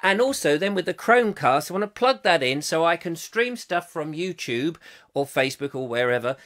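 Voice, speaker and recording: Animated, chatty man. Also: on the high side, normal speed. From England. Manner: jokey and chatty, swings between loud and quiet asides. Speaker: host of a live chat show. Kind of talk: rambling live-stream chat, reading out viewer comments.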